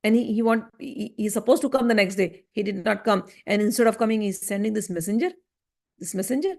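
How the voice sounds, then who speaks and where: A woman's voice: medium pitch, brisk, creaky, darkish tone. A woman, teaching a devotional class in a storytelling way and often checking in with her listeners. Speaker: spiritual teacher.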